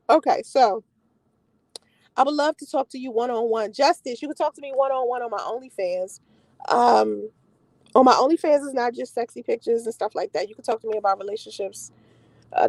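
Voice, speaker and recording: Blunt, high-voiced woman vlogger. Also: gravelly, no echo, rough recording. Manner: blunt, profane, animated storytelling. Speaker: relationship and money vlogger. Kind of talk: casual live-stream talk.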